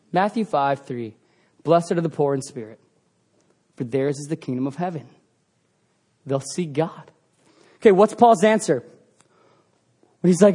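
A young adult man, a pastor, preaching a sermon in a casual, animated way and acting out quoted voices. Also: on the high side.

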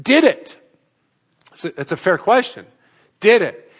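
A man with a fairly high voice preaches from the pulpit, explaining a passage verse by verse. He speaks in a measured teaching style and often stops to ask the congregation a rhetorical question before he answers it himself. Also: big pitch swings, husky. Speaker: pastor. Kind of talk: expository sermon.

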